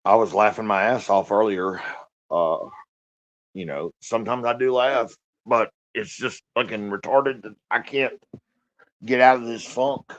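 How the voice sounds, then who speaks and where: A man in his fifties talking alone on a live stream, downcast and halting, sighing and swearing often. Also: fairly low pitch, fairly bright tone. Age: 50s. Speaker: livestreamer. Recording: muffled lo-fi stream audio.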